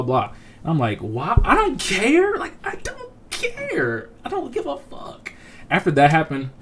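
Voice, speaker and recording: Young guy on a livestream, aave, cussing a lot, does everybody's voices, bit of hiss. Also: medium pitch. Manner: profane, animated, acts out other people's lines. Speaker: streamer telling a story. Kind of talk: casual storytelling livestream.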